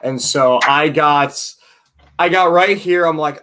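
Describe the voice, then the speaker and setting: A man hosting a podcast, his voice a touch high for a man. He talks in an easygoing, relaxed way and often restarts his sentences. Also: slow, a little hiss or hum. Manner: easygoing, hesitant with restarts and fillers. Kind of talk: casual chat.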